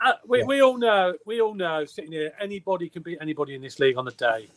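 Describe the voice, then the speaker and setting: A man's voice: sits high, lively intonation, racing, fairly bright tone. A man on a football podcast panel who rambles and repeats himself as he talks. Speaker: podcast guest. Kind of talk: casual chat.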